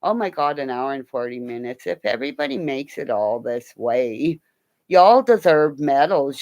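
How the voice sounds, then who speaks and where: A woman's voice: very deep voice, very animated, normal speed, vocal fry, darkish tone, dry recording. An older woman signing off a livestream from home on her computer, rambling and joking crudely. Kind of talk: casual livestream sign-off chat. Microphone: computer mic.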